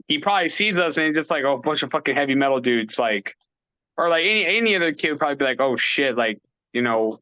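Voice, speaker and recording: A man's voice: mid-range voice, pushed and bright, no echo. A man co-hosting a podcast in casual chat, enthusiastic and supportive, swearing casually. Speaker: podcast co-host.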